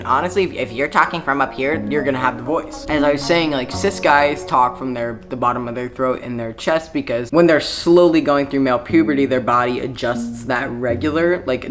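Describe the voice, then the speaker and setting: A man's voice: mid-range voice, a bit bright. A man talking frankly in a casual vlog, chatty and full of filler words. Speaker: YouTuber. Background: background music.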